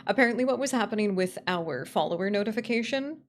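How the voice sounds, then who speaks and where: A woman streamer in casual livestream chat, excitable, swearing freely and swinging between squeals and grumbles. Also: mid-range voice, quick pace, slight background noise.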